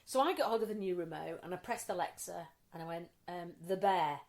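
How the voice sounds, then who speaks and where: A woman, co-hosting a casual podcast chat and telling sweary, animated stories. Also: on the low side, brisk. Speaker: podcast co-host.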